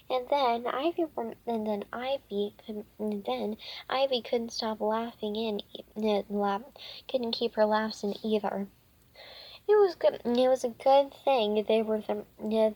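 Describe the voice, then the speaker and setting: A woman reading a children's book aloud, halting often with fillers and restarts. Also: a little high, darkish tone. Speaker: reader.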